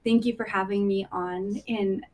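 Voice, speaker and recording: Woman pastor, podcast guest, earnest, gracious, steady even tone. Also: mid-range voice, a little slow, poor audio. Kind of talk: casual podcast conversation.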